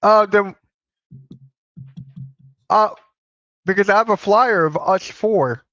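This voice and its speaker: A man's voice: high voice, slow, sharp tone, no echo. A young man co-hosting a wrestling watch-along stream, chatting casually and joking. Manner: joking, laughs at his own ideas. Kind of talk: casual chat. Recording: dull, dry sound.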